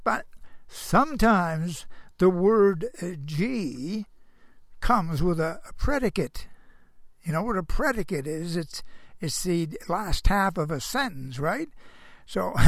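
A man's voice: sits high, no room sound, studio quality. An older man giving a folksy Christian moral monologue. He rambles, chuckles to himself, and keeps asking the listener rhetorical questions. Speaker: storyteller.

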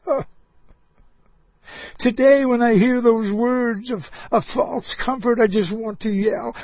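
Husky, high-voiced impassioned preacher man. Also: measured pace, no room sound, muffled recording. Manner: impassioned, swings between loud outbursts and soft low asides. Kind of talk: sermon.

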